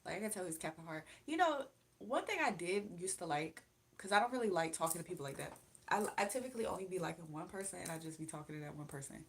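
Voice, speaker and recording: A woman's voice: on the low side, expressive, fast. A young woman hosting a casual livestream at home, chatting in a rambling way straight to her viewers and sounding tired. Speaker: livestream host. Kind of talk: casual chat. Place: indoors at home.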